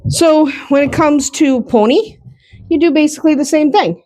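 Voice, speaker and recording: Woman farm vlogger, brightly pitched, easygoing and chatty with frequent laughs, recorded outdoors. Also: moderate pace, no echo. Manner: chatty, laughs often, jokes with the animals. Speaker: farm vlog host. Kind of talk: casual walk-and-talk farm vlog. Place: outdoors on a muddy, snowy farm.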